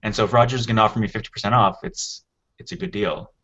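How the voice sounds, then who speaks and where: Man, podcast co-host, casual chat, low voice, restarts sentences, dull lo-fi audio. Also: steady tone, fast talker, fairly bright tone, slightly rough. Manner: explains at length with many restarts.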